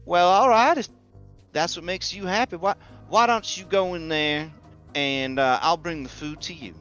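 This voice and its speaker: A man game master voicing a tall, soft-spoken woman servant in a gentle, accommodating way, on a dull, lo-fi stream recording. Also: on the high side, normal speed, faint music behind, pitched above the performer's own voice, natural voice. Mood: obliging.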